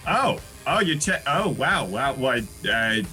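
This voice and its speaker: Bright-voiced man in an improv scene. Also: mid-range voice, sing-song, unhurried, faint music behind, low-quality recording. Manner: friendly, accommodating, filler-heavy. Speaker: improv performer playing a tattoo artist.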